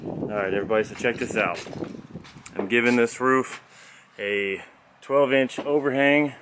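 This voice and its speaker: A man's voice: mid-range voice, a little slow, fairly bright tone. A man walking through his building work outdoors, explaining each step in a loose, folksy way, recorded on a camera's own mic. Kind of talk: casual job-site walkthrough. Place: outdoor construction site, windy. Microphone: camera's built-in mic. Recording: windy outdoor camera audio. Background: wind noise.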